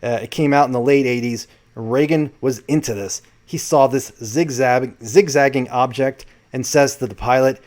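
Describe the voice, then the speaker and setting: Brief: male vlogger, mid-pitched voice, rambling casual commentary, self-corrects often. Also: moderate pace, hardly any pauses, a little mellow. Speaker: channel host.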